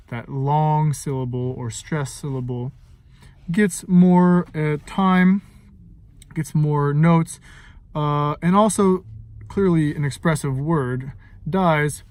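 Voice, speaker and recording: A man's voice: fairly high pitch, fairly even intonation, slow, darkish tone, no echo. A man giving an informal lesson on setting text to music, thinking aloud with many fillers and singing short phrases to illustrate. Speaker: music teacher and composer.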